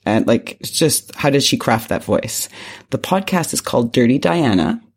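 A woman co-hosting a podcast in casual chat, playful and quick to laugh. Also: extremely low pitch, animated, husky. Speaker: podcast co-host.

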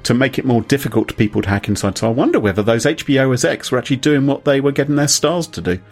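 A man co-hosting a podcast in casual chat, animated and chuckling as he reads quotes aloud. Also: mid-range voice, racing, faint music behind.

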